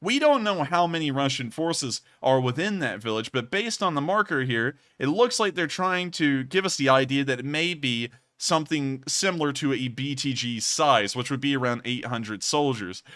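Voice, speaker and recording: A man's voice: medium pitch, expressive, moderate pace, few pauses, a bit bright. A young man hosting a casual live-stream of war news, talking conversationally and correcting himself mid-sentence. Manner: conversational, self-correcting, says y'all. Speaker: war news livestream host. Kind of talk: casual live-stream commentary over maps and footage.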